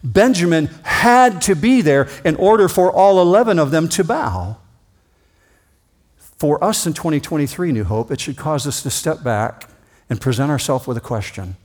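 A man preaching a sermon as a pastor, reading scripture aloud and acting out quoted greetings with expressive delivery. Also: fairly high pitch, normal speed.

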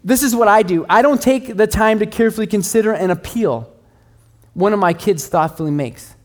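This middle-aged pastor moves at a brisk pace through a laid-back, conversational sermon. His voice is a bit higher than most men's, and his everyday stories often turn the joke on himself.

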